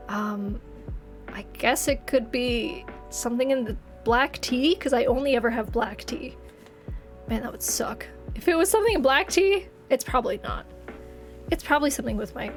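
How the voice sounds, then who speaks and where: This late-twenties woman is a game streamer who laughs frequently while rambling and chatting casually with viewers. Her fairly high voice carries a slightly phlegmy, congested throat.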